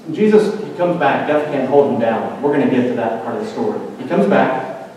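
A man preaching a sermon, building to intense climaxes and dropping to hushed, quiet emphasis. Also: medium pitch, lively intonation, fairly quick, a little hiss or hum. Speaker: pastor. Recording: roomy hall reverb, mic at a distance.

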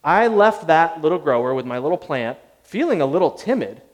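A man tells a story to an audience in a lively, conversational, self-deprecating way. His voice sits a little high. Long reverb trails each phrase. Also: a little fast. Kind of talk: storytelling talk.

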